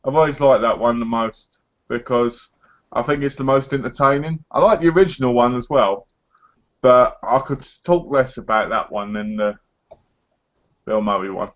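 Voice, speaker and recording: A man's voice: medium pitch, moderate pace, lo-fi sound. An English man co-hosting a casual live chat, blunt, sweary and mock-boastful. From England. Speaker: co-host. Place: living in America.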